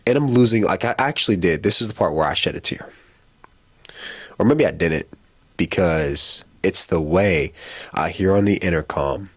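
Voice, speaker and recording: A man from Texas telling a story in a dramatic, animated way, acting out the voices of everyone in it. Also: mid-range voice, a little slow. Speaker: vlogger telling a travel story. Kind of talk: storytime monologue.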